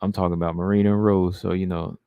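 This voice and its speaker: A man's voice: deep voice, little pitch movement, quick pace, smooth, no room sound, narrow, tinny audio. A man hosting a casual livestream, reading viewer comments aloud and answering them in a laid-back way. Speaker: livestream host reading chat.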